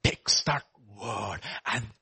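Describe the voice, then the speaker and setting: A man preaching a sermon, telling a story and acting out its voices, swinging from loud to hushed. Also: on the low side, slow pace, vocal fry, husky.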